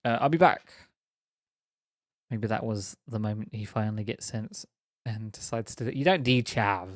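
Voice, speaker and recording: A man's voice: on the low side, normal speed, no room sound, clean studio sound. A young man chatting casually on a live stream, rambling, laughing often and teasing viewers.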